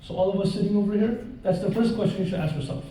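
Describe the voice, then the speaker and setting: Preaching to a live crowd in a big hall, a man with a high, mellow voice talks fast and tells stories, drawing listeners in with questions and jokes. Heavy echo surrounds him, and he stands well away from the microphone.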